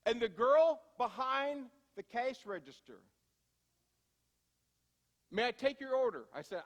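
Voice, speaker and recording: A male pastor with a very high voice delivers a sermon, ringing with the long reverb of a church hall. He talks conversationally, slowing for emphasis and hurrying through asides. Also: very animated. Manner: conversational storytelling, shifting from slow emphasis to quick asides. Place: church sanctuary.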